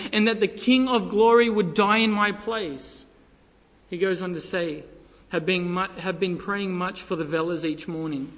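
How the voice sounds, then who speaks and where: A high-voiced man preaches with passion, shifting between hushed, intimate stretches and loud, ringing appeals. His voice rings out in a large hall with a long reverb tail. The sound is dull and lo-fi. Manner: impassioned, swings from hushed to loud. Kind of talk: sermon.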